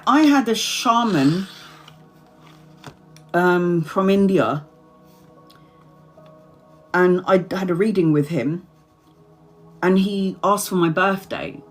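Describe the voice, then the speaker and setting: Chatty tarot reader, rambling and repetitive. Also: female voice, on the low side, lively intonation, takes it slowly, pauses often, soft background music. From Brazil. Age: 40s. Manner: chatty and rambling, repeats herself, laughs often. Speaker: tarot reader livestreaming to subscribers. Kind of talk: casual livestream chat.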